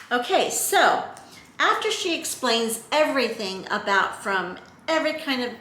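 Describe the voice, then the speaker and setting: A woman's voice: mid-range voice, fairly bright tone, roomy sound, slight background noise. A middle-aged woman talking casually to her camera, chatty and earnest with many fillers. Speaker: vlogger.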